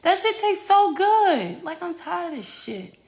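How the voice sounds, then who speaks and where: A woman's voice: extremely high pitch, big pitch swings, measured pace, darkish tone. A woman in her thirties chatting casually to camera at home, candid and rambling, swearing freely. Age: 30s. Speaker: singer filming herself at home. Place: home with a yard.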